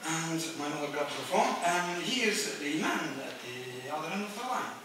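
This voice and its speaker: Performing live on a small theatre stage, a middle-aged Turkish man with a Turkish accent tells wry anecdotes at normal speed, hesitating often. His voice is fairly high and expressive, and the recording is echoey, distant and noisy, with the audience present.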